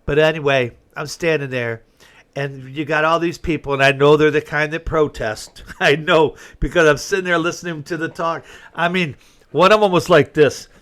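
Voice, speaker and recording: A middle-aged talk show host with a fairly high, slightly bright voice speaks at a moderate pace in a steady tone. His rambling, folksy opinion monologue flares up whenever he turns indignant.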